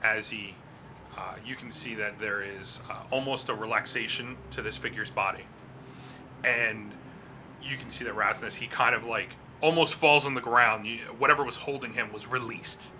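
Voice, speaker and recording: Game master guy narrating, casual and rambly, very bright tone. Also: fairly low pitch, steady tone, normal speed, a little hiss or hum. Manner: casual, descriptive, frequent fillers.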